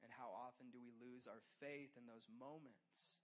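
A man preaching to a youth group in a conversational style, swinging between loud urgency and hushed closeness, with lots of "like". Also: medium pitch, fairly even intonation, normal speed. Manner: conversational, filler "like". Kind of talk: sermon.

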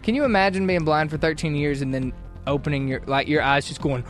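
Playful high-voiced male news host. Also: soft background music. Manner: playful, quick to laugh, reading stories aloud. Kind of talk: casual comedic news chat.

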